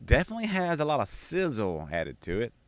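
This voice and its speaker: A man's voice: medium pitch, huge pitch swings, fairly quick, loud music behind the voice. A man hosting, casually talking through a drum's tuning and sound with enthusiasm. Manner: enthusiastic, explains gear step by step. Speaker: host and drum maker. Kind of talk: casual demonstration talk.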